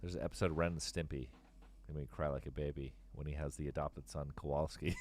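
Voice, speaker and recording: A man's voice: very deep voice, fairly even intonation, quick pace, darkish tone, a little hiss or hum. A man in his forties hosting a live stream and chatting with callers, rambling, restarting sentences and swearing freely. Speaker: stream host taking callers. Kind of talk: casual chat.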